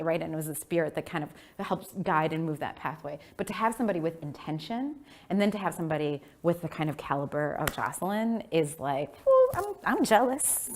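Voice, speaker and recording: Woman from milwaukee giving a keynote, animated, laughs a lot, voice jumps way up and down. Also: low-pitched. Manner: animated, imitates her parents' voices, laughs often. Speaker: keynote speaker. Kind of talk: lively storytelling speech.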